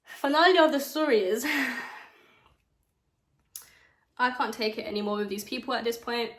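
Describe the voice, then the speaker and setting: A young woman with a British accent telling a story time in a chatty, dramatic way, with quick asides. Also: fairly high pitch, a bit bright. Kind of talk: casual storytime chat while doing makeup. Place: bedroom at home. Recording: echoey room.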